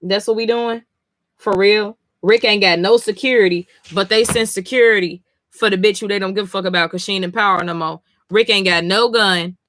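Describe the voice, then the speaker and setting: A woman's voice: medium pitch, steady tone, a little fast, a bit bright, dry recording. A sleepy woman streamer reacting live as she reads a comic, blunt, profane and exasperated. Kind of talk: casual live reading reaction.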